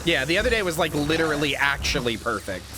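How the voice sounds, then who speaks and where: A man's voice: a little high, big pitch swings, fast talker, music in the background. A man chatting casually to his live-stream viewers while he plays a game, rambling, swearing freely and laughing at himself.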